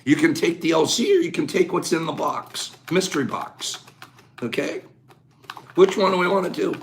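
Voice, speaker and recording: A man hosting a casual live stream, greeting viewers by name and running a quick quiz with lively banter. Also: on the high side. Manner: animated, shouts out viewer names, quick game-show banter. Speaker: livestream host.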